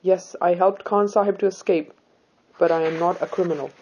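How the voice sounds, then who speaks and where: A woman reading the part of a brave young Sikh woman who speaks calmly, politely and firmly. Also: on the low side, a little fast, muffled recording, slight background noise, natural voice. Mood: resolute. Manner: calm, polite, firm.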